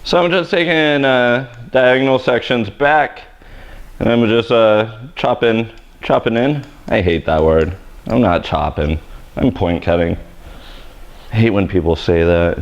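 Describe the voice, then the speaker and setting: A man's voice: fairly low pitch, unhurried. A man hosting a live haircutting tutorial, joking and rambling in a self-deprecating way while he cuts. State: sweaty. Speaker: hairstylist host. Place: hair salon education studio.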